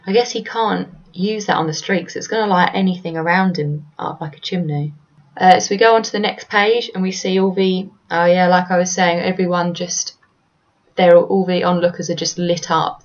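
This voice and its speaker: Brief: low-pitched woman, podcast co-host, casual recap, a little muffled. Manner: narrates panels, reads lines aloud with small stumbles. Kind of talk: casual chat recapping a manga chapter.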